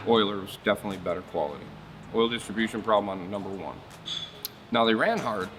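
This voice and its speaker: A man's voice: on the low side, animated, fast, a bit bright, a little hiss or hum. A man hosting a marine service shop show, talking casually and bluntly about outboard motors, rambling through stories and swearing freely.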